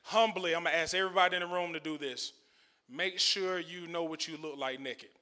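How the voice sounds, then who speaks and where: A man doing stand-up in a comedy club, his voice pitched high for a man and sounding bright and forward. He talks loosely to the crowd on a handheld mic and laughs through his own punchlines. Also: steady tone, a little fast. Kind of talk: stand-up set.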